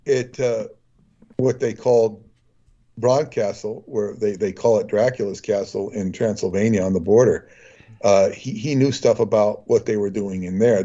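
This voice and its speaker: A man's voice: lowish voice, warm tone. Rambling male guest on dull audio. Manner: rambling, anecdotal storytelling. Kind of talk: casual chat.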